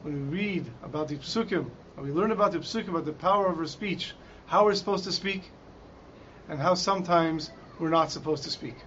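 High-pitched guy giving a torah class, dramatic storytelling, dull lo-fi sound. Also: a little fast, slight background noise. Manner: dramatic storyteller, shouting out quoted lines. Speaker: Torah teacher. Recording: dull lo-fi recording.

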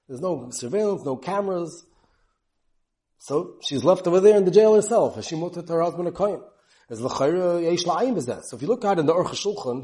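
Rapid-fire teacher, man. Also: fairly high pitch, dark tone. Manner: rapid, mixing English with Hebrew and Yiddish terms. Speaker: Talmud teacher. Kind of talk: yeshiva-style Talmud class.

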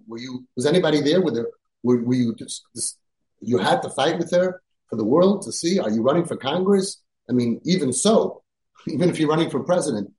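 A man talks through parenting advice with force, peppering his speech with Yiddish and Hebrew terms. His voice sits at an ordinary middle pitch. The recording carries a roomy echo. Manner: emphatic, rising to near-shouting when scolding; sprinkles Yiddish and Hebrew words. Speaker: parenting podcast host. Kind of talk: podcast talk giving advice.

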